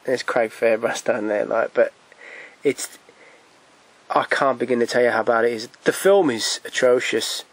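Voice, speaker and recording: A man's voice: medium pitch, measured pace. Rambling man chatting about films. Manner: rambling, frequent restarts and stammered repeats; blunt, swears, chuckles at his own stories. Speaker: video collector reviewing his purchases. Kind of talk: casual film chat.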